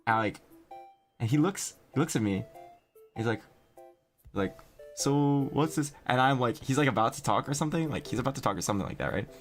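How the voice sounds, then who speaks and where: A man's voice: mid-range voice, lively intonation, quick pace, pauses often, faint music behind. A young man streaming, chatting casually and telling a rambling story with plenty of swearing.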